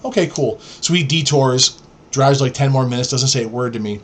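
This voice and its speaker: A man's voice: medium pitch, brisk. A middle-aged man from New York, a podcast host telling stories in a blunt, profane, rambling way. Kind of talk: casual storytelling.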